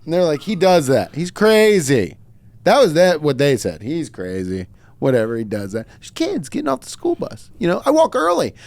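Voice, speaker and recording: Animated man telling an outraged story. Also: high voice, moderate pace, vocal fry, no echo. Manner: animated storytelling, swearing, big jumps up to shouted outrage. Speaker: podcast host. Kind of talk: casual comedic chat.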